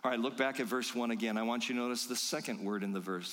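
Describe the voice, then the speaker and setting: A man preaching a sermon, emphatic and rhythmic, slowing down to quote scripture. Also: medium pitch, fairly bright tone, in a large hall. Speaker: pastor.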